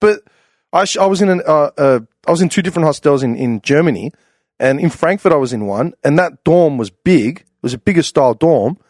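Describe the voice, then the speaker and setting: A man talks quickly and loosely, piling on fillers as he spins a long anecdote for his co-hosts. The sound is dry and close, with no room around it. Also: fairly high pitch, no echo. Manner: rambling, animated storyteller full of fillers. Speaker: podcast panelist. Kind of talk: casual storytelling chat.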